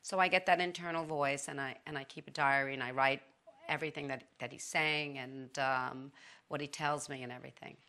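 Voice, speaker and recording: Chatty woman with a bright, forceful voice. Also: rumbling low, brisk. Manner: chatty, animated, with many restarts. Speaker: guest. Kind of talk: casual testimony.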